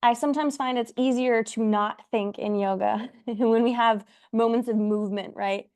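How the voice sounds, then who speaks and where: Young yoga teacher lady, kinda high voice, chatty and encouraging, bit breathless. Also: fairly even intonation, moderate pace, a little mellow, clean tone. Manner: encouraging, playful, laughs often while cueing poses. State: slightly out of breath. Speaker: yoga instructor. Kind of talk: guided yoga class instruction.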